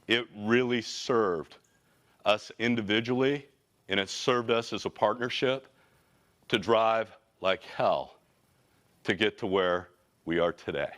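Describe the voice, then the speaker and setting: A man in his forties, a company CEO, giving a motivational talk with energetic, casual and slangy storytelling. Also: mid-range voice, clean tone. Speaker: company CEO, guest speaker.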